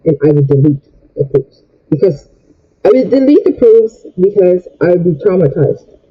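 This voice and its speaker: A woman's voice: fairly low pitch, big pitch swings, normal speed, breathy edge, dull audio. A young woman venting in an upset, rambling way while she does her makeup for a vlog. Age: young adult. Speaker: vlogger. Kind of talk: get-ready-with-me rant while doing makeup.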